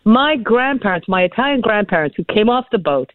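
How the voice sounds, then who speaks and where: A woman's voice: mid-range voice, brisk, no echo. Chatty woman on a tinny phone line. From New Hampshire, USA. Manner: animated, digressive, laughs often, repeats words when starting. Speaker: political guest calling in. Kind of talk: chatty storytelling and political commentary. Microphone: telephone.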